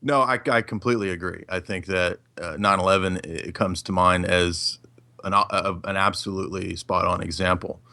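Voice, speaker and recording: A man who is a guest on a podcast, talking through his film analysis in a casual, animated way with frequent fillers. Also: sits low, moderate pace, creaky, dry recording.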